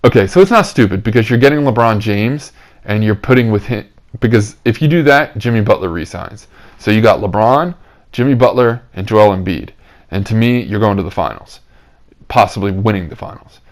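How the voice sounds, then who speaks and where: A man's voice: on the low side, a little fast. Rambling young podcast host, man. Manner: rambling, filler-heavy and upbeat. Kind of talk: casual chat.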